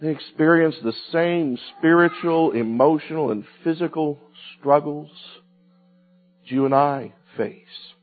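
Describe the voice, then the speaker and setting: A man preaching a sermon, swinging from loud cries to hushed, quiet lines. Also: a little high, measured pace. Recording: tinny phone-like sound with faint music.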